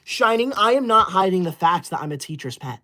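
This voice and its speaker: Expressive and forceful, this man speaks fairly quickly in a high-pitched, bright voice. The role is a comedy skit livestreamer: a smug young teacher's pet, bossy and self-righteous, scolding viewers with indignation.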